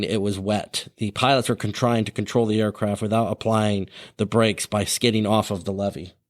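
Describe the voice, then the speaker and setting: A man hosting a podcast, his voice sitting a little low. He narrates in a relaxed, conversational way, adding fillers and side remarks as he goes. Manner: casual, with fillers and asides. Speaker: podcast host.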